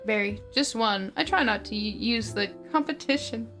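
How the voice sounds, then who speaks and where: A woman's voice: fairly high pitch, moderate pace, fairly bright tone, soft background music, natural voice. A woman reading as a cheeky young male bee. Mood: deadpan. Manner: plain script reading.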